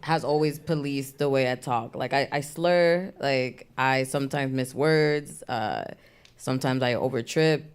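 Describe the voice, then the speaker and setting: A woman with a Bronx Dominican accent, co-hosting a live podcast taping in a blunt, slangy, animated way. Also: extremely low pitch, unhurried, clear, resonant tone. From Bronx, New York. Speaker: podcast co-host.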